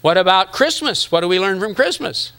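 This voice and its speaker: A man's voice: sits high, animated, brisk, bright, forceful tone, clean tone. A middle-aged male pastor giving a sermon in a conversational way, teasing the congregation and acting out inner voices.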